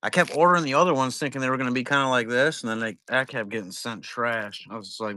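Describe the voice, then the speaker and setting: A man's voice: medium pitch, fast talker, hardly any pauses, pushed and bright. A man hosting a trading card break livestream, chatting casually in a rambling, profane, laid-back way.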